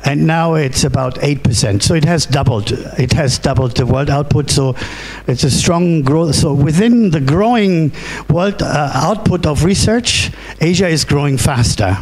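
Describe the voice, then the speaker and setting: A middle-aged man from Germany with a German accent gives a conference keynote, halting with fillers and restarts and often asking "right?". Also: a little high, darkish tone. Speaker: keynote speaker. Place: conference hall.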